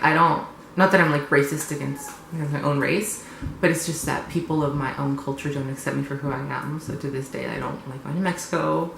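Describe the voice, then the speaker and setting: A young man vlogging casually and bluntly, sarcastic and quick to swear. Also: on the high side, gravelly, fairly bright tone, reverberant, slight background noise, rough recording. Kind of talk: confessional casual vlog.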